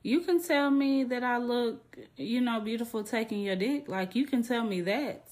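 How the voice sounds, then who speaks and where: A woman's voice: on the high side, moderate pace, a little mellow. A young woman hosting a podcast, talking frankly and casually, with frequent laughter and a loose, chatty delivery. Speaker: podcast host. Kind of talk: candid casual monologue.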